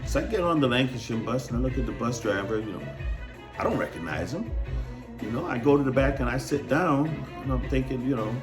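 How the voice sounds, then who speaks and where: A man casually telling a personal story, acting out scenes with lively sound effects. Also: mid-range voice, brisk, echoey room, music in the background. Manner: animated, acts out scenes.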